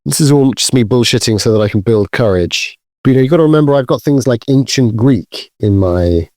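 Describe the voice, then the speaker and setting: A man's voice: medium pitch, lively intonation, fairly quick, darkish tone, no room sound, clean studio sound. Rambling, self-deprecating male player. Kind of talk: casual tabletop role-play.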